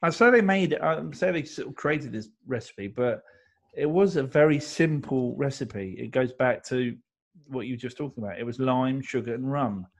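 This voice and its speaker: A man's voice: mid-range voice, normal speed, darkish tone. Chatty man telling cocktail history. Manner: rambling, jokey storytelling with many fillers. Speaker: co-host. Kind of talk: casual podcast chat.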